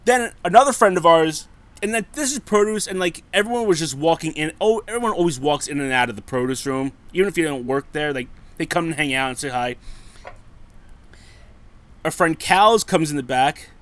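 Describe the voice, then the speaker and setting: On a casual podcast, a co-host in his thirties tells a story, laughing, swearing and acting out what people said. His slightly high voice swings widely in pitch, with lively intonation, a brisk pace and a somewhat bright sound.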